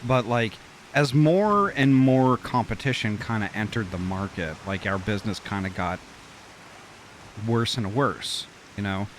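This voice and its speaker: A man's voice: lowish voice, a little slow, slight background noise. A man streaming a game and chatting casually, rambling with many fillers and restarts. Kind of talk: casual chat while gaming.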